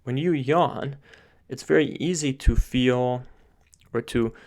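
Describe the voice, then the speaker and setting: A man with a mid-range, slightly mellow voice teaches singing technique at a slow pace. He explains step by step, often restarting sentences as he thinks aloud, and talks with his hands, pointing to parts of his throat and face.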